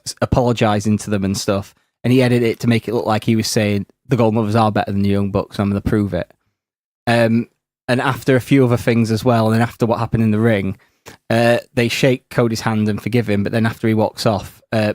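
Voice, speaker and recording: A man's voice: fairly low pitch, a little mellow, no room sound, studio quality. A man on a podcast, earnestly giving a detailed rundown in casual chat. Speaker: podcast co-host.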